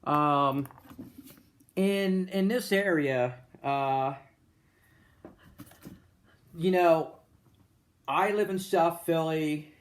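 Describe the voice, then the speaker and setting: Chatty Delco-accented man, higher voice. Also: very slow, long pauses. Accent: Delco Philadelphia-area. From Delaware County, Pennsylvania. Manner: chatty and rambling, with many fillers and jokey asides. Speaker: vlogger. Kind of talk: casual explanatory monologue.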